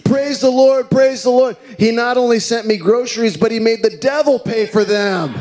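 A preacher voicing a bold, devout elderly woman who loudly shouts her praise to God. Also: fairly high pitch, measured pace, pitched above the performer's own voice, lightly acted. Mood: jubilant. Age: older. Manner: loud, fervent exclamations.

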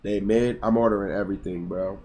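A man in his twenties livestreaming from home in casual chat, excitable and profane, talking back to his chat and sometimes bursting into yelling. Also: on the low side, fairly quick. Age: 20s. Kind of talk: casual live-stream chat.

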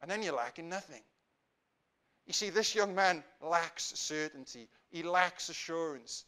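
A man with a Welsh accent preaching a sermon in church, swelling to fervent emphasis and sinking to quiet prayer. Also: fairly high pitch, unhurried, clean tone. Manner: rises to impassioned emphasis, then drops to quiet prayer.

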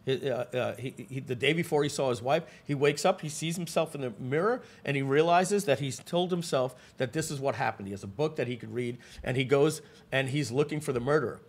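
A man presenting a live webinar, telling stories with lively asides to the audience and frequent restarts. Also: mid-range voice, a little fast, few pauses, husky.

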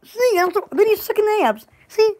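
A woman's voice: very high voice, big pitch swings, normal speed, darkish tone, slight background noise. A woman chatting casually on a live store video, giggly and silly, drawing out words playfully. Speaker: store vlogger.

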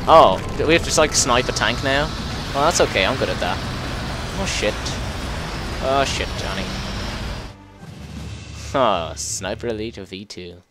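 In this let's play, a man with a lowish voice, hosting a gameplay video, gives excitable commentary over his play, swearing freely and bursting into yells. He talks a little slowly with long pauses, while game music and sound effects play clearly behind him throughout.

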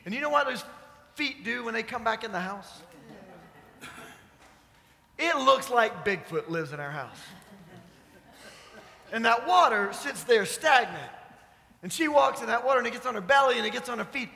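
A man with a high, bright voice delivers a sermon, moving from scripture reading into a homely story. He talks to the congregation in a conversational way and asks them questions. The voice carries a long reverb from the church hall. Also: animated, normal speed, gravelly, long pauses. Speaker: pastor. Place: church sanctuary.

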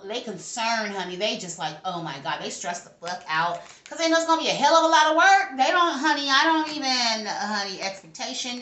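Brash woman tarot reader, high-ish bright voice, swears freely, echoey room. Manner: brash, profane, talks back to her spirits. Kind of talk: casual tarot reading to camera.

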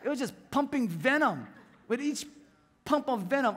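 A man's voice: high-pitched, lively intonation, fairly quick, a bit bright, long reverb tail. A man preaching a sermon, telling a story and acting out scenes and sound effects as he goes. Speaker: pastor. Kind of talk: lively sermon with stories. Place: church hall.

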